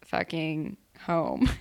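A young adult woman in casual chat, talking in quick asides and laughing often. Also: deep voice, wildly swooping pitch, gravelly.

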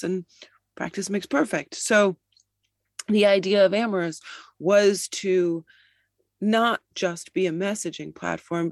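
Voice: medium pitch, no room sound. An interview guest and app founder who speaks articulately and explains at length, with some fillers. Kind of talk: interview answers.

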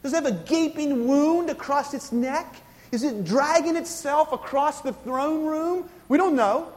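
High-voiced preacher in a reverberant hall. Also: male voice, unhurried. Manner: expository preaching with frequent asides and questions to the congregation. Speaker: pastor. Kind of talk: sermon.

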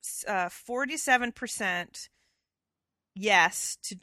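Bright-voiced chatty woman podcaster. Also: mid-range voice, slow, no room sound, clean studio sound. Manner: chatty and animated, laughs easily, many fillers. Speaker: podcast co-host. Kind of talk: casual chat.

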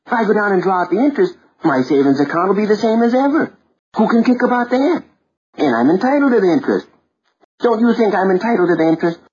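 A man's voice: sits high, very animated, quick pace, a little mellow, breathy edge, heavily acted. An actor playing an eager, persistent teenage boy who wheedles and insists in long elaborate phrases, in 1940s radio acting. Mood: insistent. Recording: dull lo-fi old radio recording with faint hiss.

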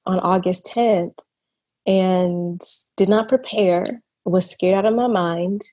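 Young woman, casual storyteller, acts out her own reactions with flair. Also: mid-range voice. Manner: animated, acts out her own past lines with emphasis.

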